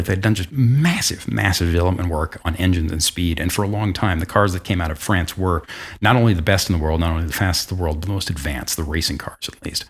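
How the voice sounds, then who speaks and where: A man hosting a podcast, telling a history story in a chatty, self-deprecating way with restarts and asides. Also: deep voice. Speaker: podcast host. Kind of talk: casual storytelling monologue.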